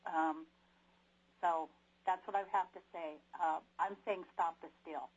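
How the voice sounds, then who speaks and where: A woman from Alaska calling in to testify, halting with fillers but insistent. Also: fairly low pitch, fairly even intonation, slightly rough. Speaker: caller testifying. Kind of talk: public testimony by phone. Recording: muffled phone line.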